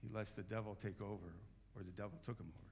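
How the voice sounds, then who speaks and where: A man's voice: lowish voice, steady tone, fast talker, a little mellow. A man preaching a sermon as pastor, talking in a loose, conversational way with frequent restarts and fillers. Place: church sanctuary. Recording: long church hall reverb.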